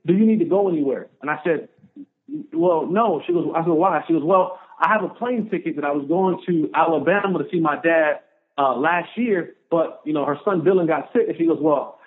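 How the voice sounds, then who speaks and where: A man telling a personal story in an interview, animated and acting out the dialogue he quotes. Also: a little high, moderate pace. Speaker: podcast guest, former pro football player. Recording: narrow phone-like audio.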